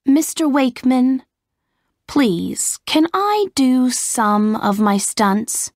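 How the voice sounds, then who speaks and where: A woman's voice: high-pitched, very animated, extremely slow, no room sound, clean studio sound, pitched above the performer's own voice, heavily acted. A woman voicing a young film actress who politely pleads to do her own stunts. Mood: earnest.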